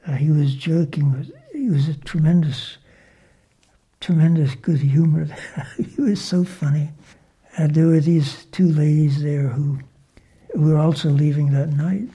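A disciple telling personal memories of a spiritual teacher, speaking softly and reverently, often slipping into a whisper. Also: medium pitch, breathy edge. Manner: soft, partly whispered, reverent storytelling. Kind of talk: spoken personal recollection.

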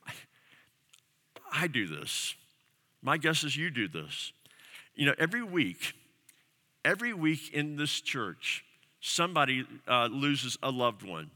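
Bright-voiced male pastor preaching in a hall. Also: mid-range voice, big pitch swings, unhurried, long pauses. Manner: earnest preaching with repeated phrases and emphatic questions. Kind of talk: sermon. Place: church sanctuary.

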